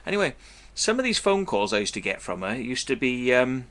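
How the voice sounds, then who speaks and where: A man's voice: mid-range voice, big pitch swings, fairly quick, a bit bright. A man telling a long story in a blunt, profane, meandering way to his viewers. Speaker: vlogger. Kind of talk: casual storytelling monologue.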